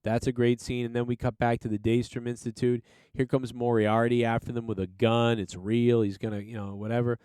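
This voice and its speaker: An enthusiastic man rambles through a casual solo review, swearing now and then. His voice is smooth and clear, recorded close in a dry space with no room sound. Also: mid-range voice, flat delivery, fairly quick, few pauses, a little mellow, dry recording. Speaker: podcast host reviewing a TV episode.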